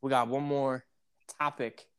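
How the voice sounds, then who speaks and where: A man's voice: medium pitch, level tone, measured pace, fairly bright tone, clean tone. A man co-hosting a casual sports debate show, talking animatedly and repeating his points to hype the game.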